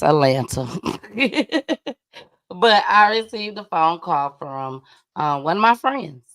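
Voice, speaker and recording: A woman's voice: lowish voice, no room sound, studio quality. A woman hosting a live stream, giving casual, slangy commentary on news clips and talking directly to her audience.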